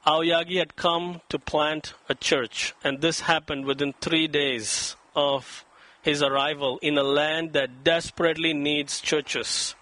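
A man preaching a sermon in a high, bright voice, and he throws himself into the quoted lines with dramatic emphasis. The sound is dry and close, with no room echo. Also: fairly even intonation, slow pace. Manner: dramatic, acts out quoted voices with rising pitch. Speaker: pastor.

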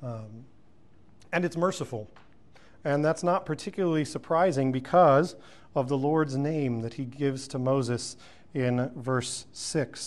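A man's voice: a little high, measured pace, darkish tone. A man teaching through a Bible passage verse by verse, reading scripture aloud and then explaining it, with fillers and self-corrections.

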